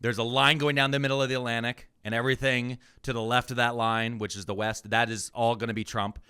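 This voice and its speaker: A man's voice: medium pitch, level tone, fast, sharp tone, clean tone. A man co-hosting a podcast, ranting with profanity in casual news commentary. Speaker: podcast co-host.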